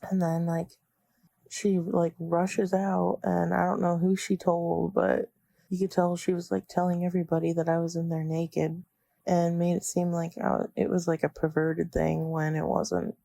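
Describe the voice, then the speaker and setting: A young woman talks through old memories in a loose, halting way, full of fillers. Her voice sits low and carries a gravelly fry. The recording is dry and close. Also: level tone, mellow, dry recording. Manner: conversational, filler-heavy, with many pauses. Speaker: former student interviewee. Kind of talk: casual recounting of memories.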